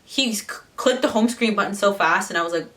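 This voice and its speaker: A woman's voice: mid-range voice, a little fast, fairly bright tone, distant mic. A young woman in her twenties, chatting casually to camera as a vlogger, swearing freely and slipping into the voices of the people in her story. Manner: chatty, swearing, mimics others in quotes.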